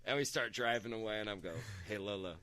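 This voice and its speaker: Speaking fast in a bright voice, a man co-hosting a podcast shares a lively anecdote during a casual storytelling conversation. He swears along the way and acts out quotes by raising his pitch.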